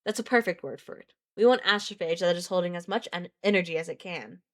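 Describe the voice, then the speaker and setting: A woman's voice: lowish voice, quick pace, natural voice. A woman reading a novel aloud, voicing a probing male diplomat who asks pointed questions, in her own voice.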